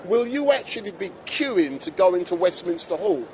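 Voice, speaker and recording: A man with a fairly high voice chats and exclaims through a live street interview. He holds a handheld mic outdoors, with traffic and street noise clearly audible behind him. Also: very animated, normal speed, rough recording. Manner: chatty, exclaiming. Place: busy city street outdoors. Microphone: handheld microphone.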